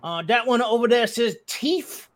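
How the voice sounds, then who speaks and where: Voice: medium pitch, animated, pitched above the performer's own voice, natural voice. Game master doing Bodok, forgetful crewman. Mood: apologetic. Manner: slow, halting, with many "uh"s. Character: forgetful male crewman apologizing for lost notes.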